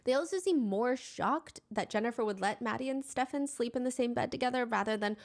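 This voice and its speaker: A woman narrating true crime in a slightly high voice. She speaks in a measured, steady way and reads out quotes from others. Her tone stays even and explanatory.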